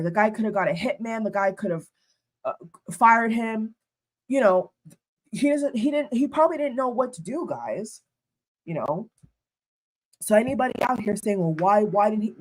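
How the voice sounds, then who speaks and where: A woman giving indignant reaction commentary, addressing her viewers as "guys" and repeating herself. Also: a little high. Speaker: commentary vlogger.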